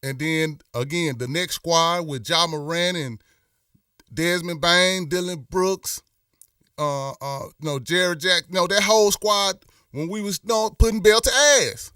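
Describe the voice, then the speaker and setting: Dude going off on a live stream, bright voice, kinda far from the mic, dry sound. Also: male voice, high voice, slow pace, clear, resonant tone, no echo. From Memphis. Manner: rambling and impassioned, many restarts and fillers. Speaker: host. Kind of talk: casual live-stream talk.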